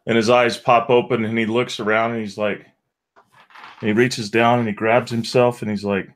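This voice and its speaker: A man's voice: medium pitch, little pitch movement, moderate pace. A man playing in a tabletop game, describing his character unhurriedly. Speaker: player.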